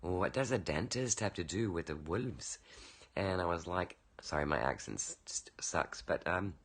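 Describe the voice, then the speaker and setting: A man's voice: low voice, animated, moderate pace, a bit bright. A man recording a casual birthday video message for a friend, telling rambling anecdotes with lots of fillers into a webcam.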